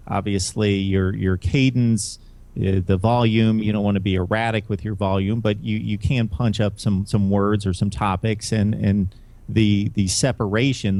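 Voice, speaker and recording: A man co-hosting a live show, explaining advice in a measured way with "uh" pauses. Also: on the low side, darkish tone. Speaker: co-host. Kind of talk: casual advice chat.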